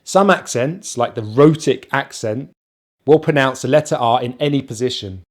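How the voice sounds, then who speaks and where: A man with a British accent teaching English pronunciation, slowly drilling and repeating syllables. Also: medium pitch. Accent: British, non-rhotic. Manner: slow, exaggerated drilling of sounds. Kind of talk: pronunciation lesson.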